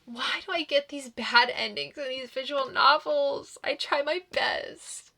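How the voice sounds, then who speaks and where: A woman's voice: sits high, a little slow, bright, forceful tone. A woman commenting on her visual novel playthrough, exasperated and exclaiming often. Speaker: let's play gamer.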